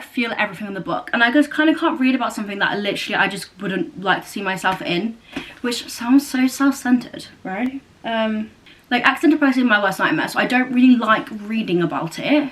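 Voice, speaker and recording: A woman's voice: fairly high pitch, a bit bright. A young woman chatting casually at home, rambling with lots of fillers and self-corrections. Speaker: book vlogger. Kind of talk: casual chat. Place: new house, indoors.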